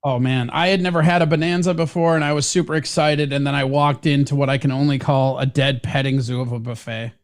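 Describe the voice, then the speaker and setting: A man's voice: medium pitch, steady tone, fairly quick, few pauses. A male co-host, telling rambling stories full of swearing in casual banter. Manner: rambling, swears, laughs at his own stories. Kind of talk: casual radio show banter.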